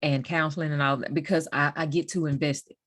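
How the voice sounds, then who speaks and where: A woman hosts a podcast in a relaxed, conversational way. Her voice is a little low, and she often backs up her guest with short affirmations before sharing her own views. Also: a little fast. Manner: supportive, many affirming backchannels. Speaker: podcast host. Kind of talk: casual chat.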